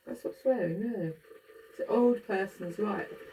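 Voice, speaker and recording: Woman, middle-aged, gravelly and blunt, casual sweary ramble, far from the mic with loud background noise. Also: mid-range voice, a little slow.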